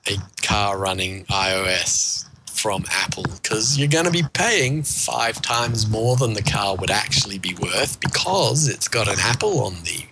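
A man's voice: lowish voice, lively intonation, a little slow, few pauses, noisy background. A man with a New Zealand accent co-hosting a tech podcast, joking in a dry, sarcastic way. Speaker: podcast co-host. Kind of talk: casual tech podcast chat.

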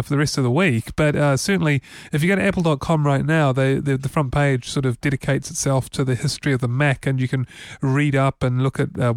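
A man's voice: mid-range voice, no room sound, clean studio sound. Chatty New man hosting a tech show. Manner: chatty, loose, with frequent restarts. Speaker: podcast host. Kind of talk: casual tech podcast chat. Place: studio.

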